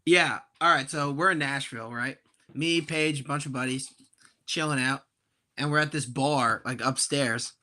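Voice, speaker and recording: Bright-voiced young man telling a story. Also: mid-range voice, normal speed. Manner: animated, profane, acts out quoted voices loudly. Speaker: podcast guest storyteller. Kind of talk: casual storytelling.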